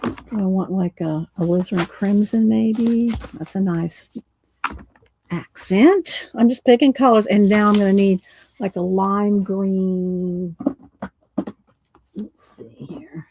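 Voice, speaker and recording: A woman's voice: medium pitch, measured pace, dark tone, slight background noise, rough recording. A woman chatting casually on a live craft stream, thinking aloud as she picks paint colors and reads viewer chat. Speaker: art streamer.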